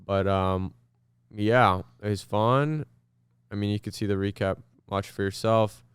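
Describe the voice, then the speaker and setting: Chill young guy podcasting, lowish voice, really clean and crisp. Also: measured pace, dry recording. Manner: laid-back, chuckling banter. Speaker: podcast co-host. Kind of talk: casual podcast chat.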